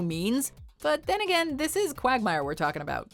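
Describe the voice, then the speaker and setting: A woman reads a scripted countdown with a wry, playful edge. Her pitch sits a touch high and swings widely from phrase to phrase. Faint music plays beneath her. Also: huge pitch swings, moderate pace. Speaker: countdown narrator.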